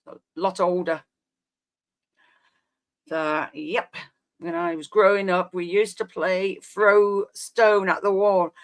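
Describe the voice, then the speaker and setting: A woman's voice: lowish voice, fairly bright tone. A woman in her fifties chats casually to her stream viewers. She rambles and reminisces in an easy, meandering way, and often trails off mid-thought. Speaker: live streamer chatting with viewers. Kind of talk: casual chat.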